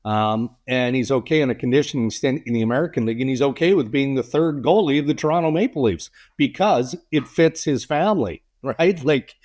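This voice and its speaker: A man's voice: medium pitch, animated, darkish tone. A man co-hosting a hockey podcast, leading the segments and chatting casually. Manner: brisk segment-leading host. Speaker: podcast co-host. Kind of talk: casual sports chat.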